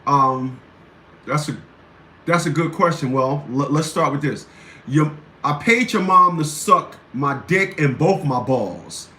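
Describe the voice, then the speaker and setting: A man's voice: on the high side, expressive, takes it slowly, bright, forceful tone. A male show host giving blunt, combative commentary and hammering his points home with repetition. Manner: blunt, combative, repeats phrases for emphasis. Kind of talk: ranting commentary. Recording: roomy echo, faint background noise.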